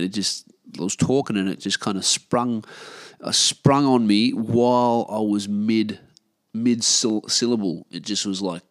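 A man's voice: fairly low pitch, dry recording, studio quality. An Australian man in his thirties, rambling and swearing freely as he hosts a casual solo podcast from his living room. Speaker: podcast host.

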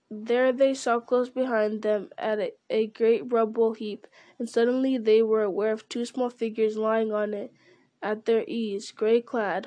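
A woman reading a fantasy novel aloud in a measured way, often restarting over a word. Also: a little high, darkish tone, dry recording. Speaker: reader.

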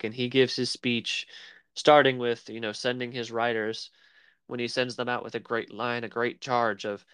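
A man's voice: mid-range voice, little pitch movement, normal speed, a bit bright, smooth, no room sound. A man co-hosting a casual film podcast, rambling and searching for words as he talks. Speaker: podcast co-host. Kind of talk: casual chat about film.

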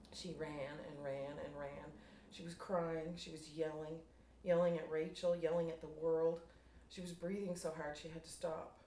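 A woman reading her own fiction aloud to a writers' group, measured and unhurried. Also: low-pitched, creaky, mellow. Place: room at a writers' group meeting. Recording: roomy room, distant mic, faint noise.

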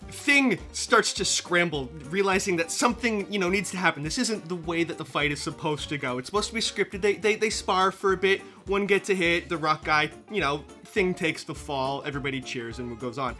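Male player narrating his move, bright, high voice, easygoing. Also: fairly quick, few pauses, faint music behind. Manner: descriptive, casual. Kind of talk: narrating a tabletop game.

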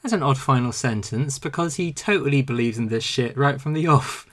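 A man co-hosting a film podcast, playful and quick to laugh. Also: medium pitch, a bit bright. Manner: laughs often, playful teasing. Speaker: podcast co-host. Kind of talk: casual film podcast chat.

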